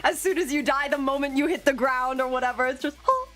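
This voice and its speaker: A woman's voice: high-pitched, steady tone, quick pace, a bit bright. A woman streamer chatting casually on a livestream, talkative and giggly, calling herself a yapper. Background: faint background music.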